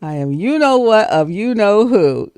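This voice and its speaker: A woman voicing a teasing grandmother who speaks slowly with playful weariness. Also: mid-range voice, very animated, darkish tone, smooth, dry recording, voice pushed up. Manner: slow, drawn-out, playfully weary. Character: teasing grandmother, dry and unhurried.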